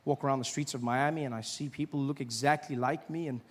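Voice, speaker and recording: A man from South Africa performing stand-up comedy, animated and mocking. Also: medium pitch, quick pace. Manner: animated, mocking, acts out voices. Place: large theatre stage. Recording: live stage in a big hall, laughing audience.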